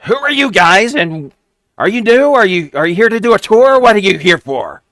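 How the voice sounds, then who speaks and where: A small, fussy goblin stickler, as a man puts him on, nagging in a piercing, very high, loud voice. The tone is bright and sharp, and the sound is close and dry. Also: big pitch swings, no echo. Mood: suspicious. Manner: shrill, scolding, quick.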